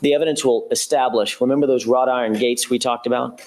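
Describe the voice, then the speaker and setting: A man giving a courtroom opening statement as a prosecutor, laying out events in a measured, methodical way with an occasional self-correction. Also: mid-range voice, fairly even intonation, darkish tone.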